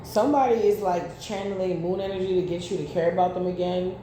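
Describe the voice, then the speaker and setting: A woman's voice: fairly low pitch, steady tone, quick pace, warm tone. A woman giving a casual tarot reading, blunt and profane, drifting into chatty personal stories. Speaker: tarot reader. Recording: very echoey room, faint background noise.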